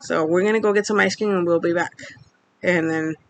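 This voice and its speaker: A woman's voice: on the low side, fairly even intonation, fairly quick, slight background noise. A young woman in her twenties, from Mexico, candidly telling a personal story in a casual vlog, rambling with lots of fillers. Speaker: vlogger.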